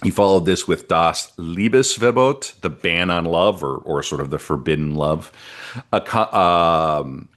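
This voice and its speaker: A man's voice: low voice, unhurried, a bit bright. A man co-hosting a history podcast, telling the story in a chatty, rambling way with asides and bits read from his notes. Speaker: podcast co-host presenting the history. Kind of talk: casual history podcast narration.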